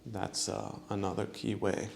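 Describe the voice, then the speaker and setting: A male podcast host talking on his own in an unhurried, rambling way. His voice sits low and has a gravelly fry, and he fills gaps with lots of ums and uhs. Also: flat delivery, a little hiss or hum. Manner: rambling, many fillers, chuckles at own jokes. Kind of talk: solo podcast monologue.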